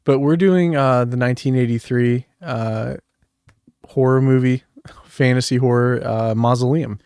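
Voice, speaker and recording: A man's voice: medium pitch, steady tone, a little slow, a little mellow, smooth, no room sound, studio quality. A man hosting a horror movie podcast in loose, rambling casual chat. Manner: laid-back, rambling, lots of fillers. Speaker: podcast host.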